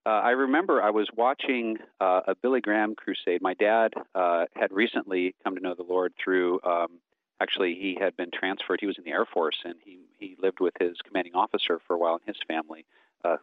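A man in his forties speaking as an interview guest, earnest and halting with many fillers. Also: deep voice, steady tone, dry recording, narrow, tinny audio. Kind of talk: casual interview talk.

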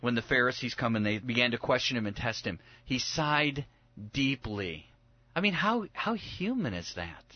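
A man's voice: mid-range voice, normal speed, dull audio. A man in a casual Bible discussion, talking animatedly and acting out the voices of the people in the stories. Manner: animated, acts out voices of biblical figures. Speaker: Bible study podcast co-host.

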